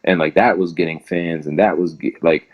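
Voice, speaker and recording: A man's voice: low voice, steady tone, normal speed, lo-fi sound. A young man, a guest in an interview, telling a long story in a rambling casual way and filling nearly every phrase with "like".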